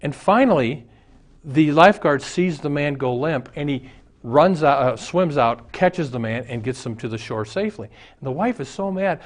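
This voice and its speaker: A man's voice: a little high, lively intonation, moderate pace. Storytelling male preacher. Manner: storytelling preacher, acts out voices in jokes. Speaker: pastor. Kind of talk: sermon.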